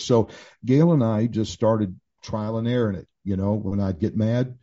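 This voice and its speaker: A sixties-aged pastor and author speaks at normal speed in a warm, lowish voice. He is telling his own story frankly in casual conversation, with plenty of fillers and restarts, and the recording is dull and lo-fi.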